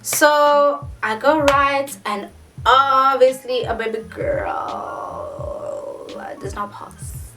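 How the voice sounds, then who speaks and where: A South African woman in her twenties, a vlogger telling a story in a casual, animated way with lots of "like". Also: high voice, extremely slow. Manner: animated, dramatic retelling with many filler likes. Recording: distant mic with faint music.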